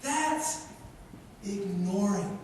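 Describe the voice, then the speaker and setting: Impassioned preacher, high voice, echoing hall. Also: male voice, lively intonation, very slow, slight background noise. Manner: impassioned, repeats phrases, swings from loud to hushed. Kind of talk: sermon. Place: large church hall. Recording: echoey hall, mic far off, faint ambience.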